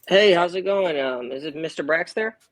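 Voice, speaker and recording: A man's voice: a little high, animated, normal speed, poor audio. A man from Texas making live sales calls, upbeat and slangy with a joking manner. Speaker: caller.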